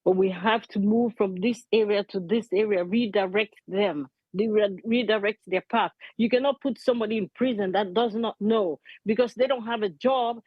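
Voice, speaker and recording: A woman's voice: mid-range voice, moderate pace, hardly any pauses, husky, no room sound, lo-fi sound. A middle-aged woman, speaking earnestly and emotionally as a community advocate, repeating her key points. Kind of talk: impassioned interview testimony.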